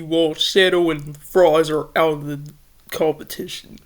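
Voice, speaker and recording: A woman host reads a fan story aloud and reacts as she goes. Her voice sits a little low and her pace is very slow. She often breaks into laughing, excitable asides.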